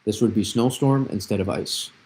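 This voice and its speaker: A man's voice: lowish voice, normal speed, darkish tone, low-quality recording. A young man hosting a live weather analysis stream, explaining patterns with repeated phrases and frequent restarts. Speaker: weather forecaster, host.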